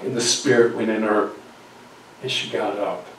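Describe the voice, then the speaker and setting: A man's voice: on the low side, level tone, normal speed, fairly bright tone, a little hiss or hum. Man preaching a story in an echoey church. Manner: acts out quoted voices, drops to near whispers. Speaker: guest speaker. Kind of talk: storytelling sermon. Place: church sanctuary. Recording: very echoey church recording from far off.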